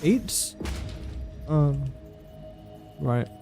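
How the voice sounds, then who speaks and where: A man with a fairly high but mellow voice chats through a game livestream. He is playful and teasing, scolds the objects in his game and pokes fun at himself. Soft music plays faintly behind him. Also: animated, very slow, vocal fry. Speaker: game streamer. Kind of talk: casual gameplay livestream chat.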